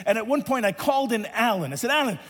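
A man preaching and telling a lively story, acting out the voices of the people in it and rising to shouts at times. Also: extremely high pitch, fast talker. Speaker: pastor and volleyball coach. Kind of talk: sermon storytelling. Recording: reverberant hall.

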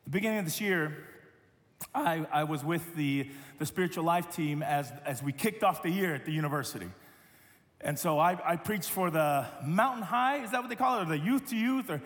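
A man preaching a sermon as a pastor, telling stories with lively quoted voices and many repeated words. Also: on the high side, moderate pace, in a large hall.

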